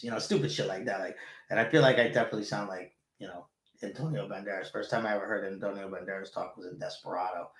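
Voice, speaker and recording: A man hosting a casual chat show, animated and rambling, swearing freely. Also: fairly low pitch, brisk, gravelly. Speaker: show host. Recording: roomy echo.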